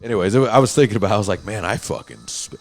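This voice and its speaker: A man hosting a casual, profane podcast chat, telling animated stories and acting out quotes loudly. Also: lowish voice, very fast. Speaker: podcast host.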